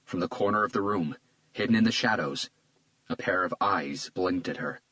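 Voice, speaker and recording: A man narrating a crime thriller audiobook in a measured, tense manner, also speaking the lead detective. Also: low voice, pushed and bright, no room sound, low-quality recording.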